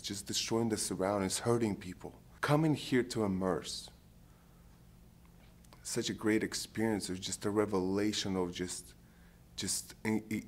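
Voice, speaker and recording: A man of around thirty from Ukraine, giving an earnest, heartfelt personal faith testimony, often pausing to search for words. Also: low voice. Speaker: program participant giving testimony.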